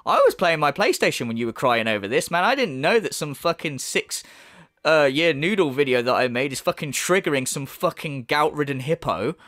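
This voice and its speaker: A man's voice: a little high, animated, brisk, fairly bright tone, dry recording, clean studio sound. A man giving an angry, sarcastic commentary full of swearing and mockery. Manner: profane, mocking, sarcastic rant. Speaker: YouTube commentator.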